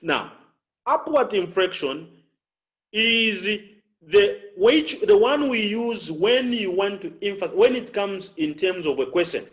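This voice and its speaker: A man coaching public speakers, slow and deliberate, repeating key phrases and showing inflection with his voice. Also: high voice, expressive, fairly bright tone, highs cut off. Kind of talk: instructional talk with spoken examples.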